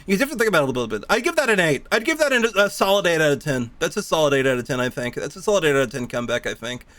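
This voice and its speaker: A man's voice: a little high, very animated, racing, a bit bright, no room sound. A man chatting casually on a live stream while gaming, rambling from thought to thought, laughing often and swearing freely.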